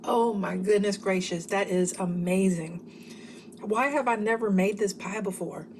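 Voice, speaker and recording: A woman, chatting warmly and enthusiastically to viewers in a home cooking vlog while tasting food. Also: mid-range voice, a little slow, a little hiss or hum. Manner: chatty, enthusiastic, says y'all. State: talking while eating.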